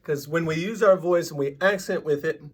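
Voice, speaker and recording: A man teaching a drum lesson, patiently explaining and counting sixteenth-note rhythms out loud. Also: on the high side, normal speed.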